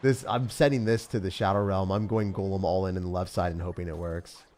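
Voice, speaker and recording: A young man giving live commentary as he plays and rates card decks, excitable, with loud outbursts and laughter. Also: low voice, a little fast. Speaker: streamer playing and rating decks. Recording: faint music behind.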